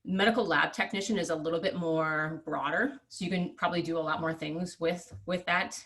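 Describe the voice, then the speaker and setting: A woman's voice: deep voice, fairly even intonation, brisk, a bit bright. A woman, presenting degree options in a virtual information session over a video call, explanatory with frequent ums. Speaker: university presenter.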